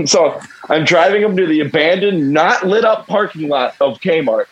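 A man's voice: fairly high pitch, lively intonation, measured pace, husky, rough recording. A man in his twenties from Northeastern Pennsylvania, a guest on a podcast, telling a rambling, self-deprecating comic story with plenty of swearing. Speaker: band member, podcast guest.

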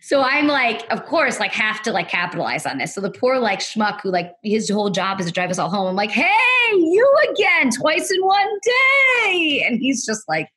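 A woman's voice: medium pitch, animated, a little fast, few pauses, a bit bright, breathy edge. A woman guest on a podcast interview, telling a story casually, full of "like" fillers, sometimes acting out what others said. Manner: rambling, heavy use of "like" fillers; acts out other people's lines in quoted voices.

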